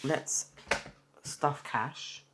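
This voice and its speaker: A woman's voice: drawn-out words, background noise. A woman from England chatting casually through her weekly cash budget, tired and rambling. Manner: rambling, chatty, talks while counting cash. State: tired, yawning. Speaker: budgeting vlogger. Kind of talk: casual budget vlog chat.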